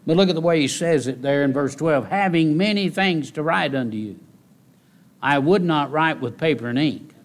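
Preacher guy, kinda high voice, folksy, repeats himself, gets loud and worked up. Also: animated, moderate pace. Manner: folksy, repeats key phrases for emphasis; rises to loud, high-pitched exhortation. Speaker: pastor. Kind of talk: sermon.

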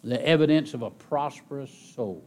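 A middle-aged male pastor preaching a sermon, repeating phrases for emphasis and swinging from loud rises to soft drops. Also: mid-range voice, normal speed.

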